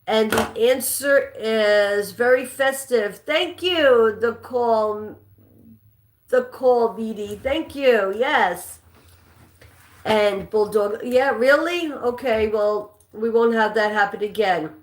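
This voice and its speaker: Woman host, non-native English accent, slow and chatty, higher voice, echoey room. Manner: chatty, reads out viewer names and answers. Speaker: livestream trivia host. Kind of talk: casual live-stream chat reading trivia questions.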